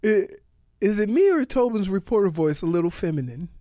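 A man's voice: high voice, lively intonation, fairly quick, warm tone, no echo, studio quality. A man co-hosting a radio sports show, reading listener texts and teasing with frequent laughs.

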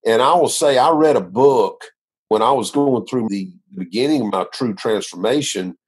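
A man's voice: medium pitch, normal speed, breathy edge. A man, a minister, telling his faith testimony in an earnest, rambling conversational way, full of restarts. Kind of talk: conversational interview.

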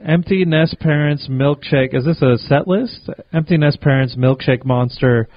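A man's voice: on the high side, a little slow, dry recording. A man co-hosting a podcast, teasing and swearing in casual chat. His mid-range voice comes through dry and a little muffled. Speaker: podcast co-host.

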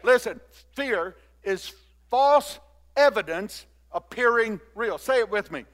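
An older man preaches in a high voice. He leads his congregation in call-and-response and swings from quiet, close talk to loud exhortation. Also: expressive, measured pace. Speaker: pastor. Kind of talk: sermon.

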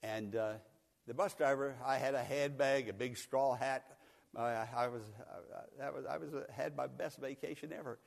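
Older preacher telling folksy stories. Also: male voice, medium pitch, moderate pace, gravelly, big-room sound. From Pennsylvania. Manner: folksy, animated, chuckles often. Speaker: pastor. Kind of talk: sermon with storytelling. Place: church sanctuary.

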